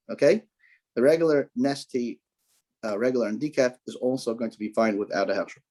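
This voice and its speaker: Male rabbi, relaxed dark tone, casual teaching talk, repeats himself, joking asides. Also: mid-range voice, brisk. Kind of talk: informal kosher guidance talk.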